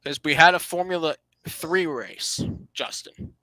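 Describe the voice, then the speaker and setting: On his casual motorsport podcast, a male host runs through the standings with dry sarcasm, restarting phrases often as he gives opinions. His voice is on the high side, a little slow, pushed and bright. There's no room sound, but the recording is low quality.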